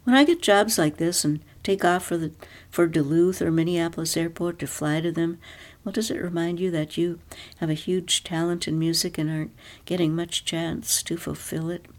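A woman's voice: lowish voice, steady tone, normal speed, close to an everyday voice. A woman reading the lines of an earnest, eager-to-please middle-aged husband in a story. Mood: coaxing. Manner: earnest, pleading.

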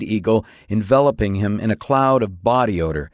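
A man narrating a novel in a steady, even storytelling manner. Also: on the low side, normal speed, hardly any pauses, dry recording, clean studio sound. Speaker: audiobook narrator. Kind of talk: scripted narration.

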